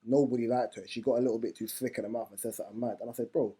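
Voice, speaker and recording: A man telling stories in casual podcast chat, animated and slangy. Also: medium pitch, rapid-fire, slightly rough. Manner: animated storyteller with British slang. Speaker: podcast co-host.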